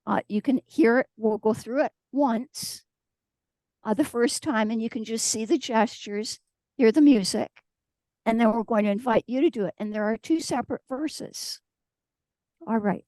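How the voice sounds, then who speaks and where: Woman speaker, slightly high, mellow voice, dry sound, storytelling sermon. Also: moderate pace, no room sound. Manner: storytelling, acts out quoted voices. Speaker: guest speaker. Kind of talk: conversational sermon.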